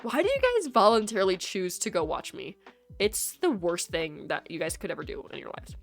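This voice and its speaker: A young woman chats and jokes her way through a live stream, teasing her viewers in a casual, rambling way. Her voice sits at a middle pitch, and soft music plays faintly behind her. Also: very animated, a little fast, vocal fry. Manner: chatty, joking, teasing.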